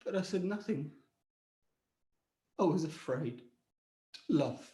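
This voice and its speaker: A man delivers a dramatic storytelling speech from a contest stage. His voice is expressive and theatrical, swinging widely in pitch, and he speaks slowly with long, deliberate pauses. The sound echoes through a roomy hall.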